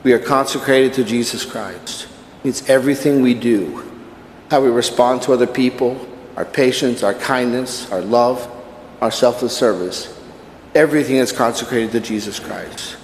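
Priest preaching in an echoey church. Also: male voice, medium pitch, moderate pace, slight background noise. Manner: conversational preaching with personal anecdotes. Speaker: Catholic priest. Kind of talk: sermon at Mass.

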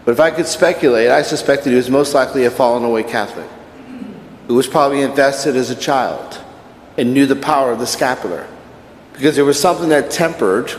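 Priest preaching in an echoey church. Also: male voice, medium pitch, slight background noise. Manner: conversational preaching with personal anecdotes. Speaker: Catholic priest. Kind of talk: sermon at Mass.

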